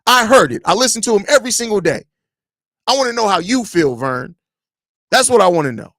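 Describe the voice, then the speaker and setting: A man with a Chicago accent hosts a live podcast stream, reading chat comments aloud and ranting with blunt, profane energy. His voice sits high for a man, and the sound is dry and close, with no room around it. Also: very animated, fairly quick, fairly bright tone, dry recording.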